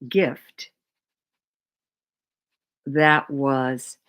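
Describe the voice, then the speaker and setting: A middle-aged woman giving a slow, reflective talk on mindful living, repeating words with long pauses. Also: low-pitched, expressive, rough recording.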